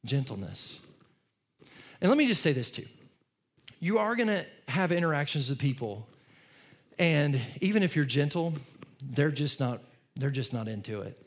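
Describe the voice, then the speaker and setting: A middle-aged man delivers a sermon in a relaxed, conversational way. His voice sits a little high for a man, and he often repeats words. He swings between loud, emphatic lines and quiet, soft ones. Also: moderate pace, pauses often. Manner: conversational preaching, repeats words, rises and falls in loudness. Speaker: pastor.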